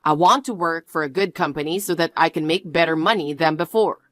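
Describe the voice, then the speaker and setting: A woman's voice: low voice, brisk, a bit bright, no echo. Storybook read: woman playing a defensive jobless young man, dry close mic. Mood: annoyed. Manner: defensive and demanding. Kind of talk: storybook narration.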